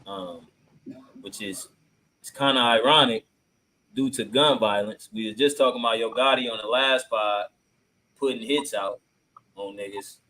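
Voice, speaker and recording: A man's voice: lowish voice, a little slow, long pauses, sharp tone, rough recording. A man hosting a podcast in casual chat, laid-back and slangy with many filler ums, reacting to clips. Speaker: podcast host.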